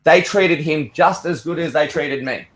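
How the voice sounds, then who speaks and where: A man on an open-mic hangout call, talking in a loose, rambling way with plenty of swearing. His voice sits slightly high for a man, and he keeps his stories going without a pause. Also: a bit bright, slight background noise. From Australia. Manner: rambling, profane storytelling. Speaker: caller. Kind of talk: casual open-mic chat.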